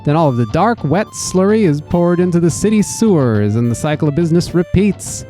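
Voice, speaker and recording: Deadpan restaurant boss, read by a man, mellow tone, matter-of-fact, faint music. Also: fairly high pitch, brisk, natural voice.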